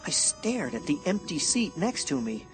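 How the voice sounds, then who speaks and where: A man giving suspenseful first-person audiobook narration in a slow, expressive delivery, over background music. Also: on the high side. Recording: music bed under narration.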